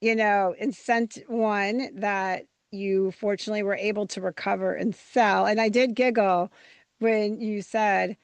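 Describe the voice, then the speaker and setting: A woman's voice: medium pitch, fairly even intonation, a little slow, clear, resonant tone, no room sound. A woman hosting a podcast interview, chatting in a rambling, easygoing way as she sets up her questions. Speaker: podcast host. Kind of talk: casual interview.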